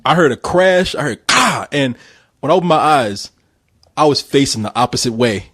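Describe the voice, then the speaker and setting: Dry-voiced man telling a story, animated. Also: mid-range voice, normal speed, husky, no room sound. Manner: animated storyteller, swears freely, acts out voices. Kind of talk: casual storytelling chat.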